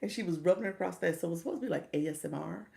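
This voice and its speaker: A middle-aged woman hosting a live stream in a relaxed, chatty way. Her voice sits low and has a gravelly edge. She greets viewers by name and laughs easily as she explains things. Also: racing. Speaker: livestream coach. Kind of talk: casual live stream chat.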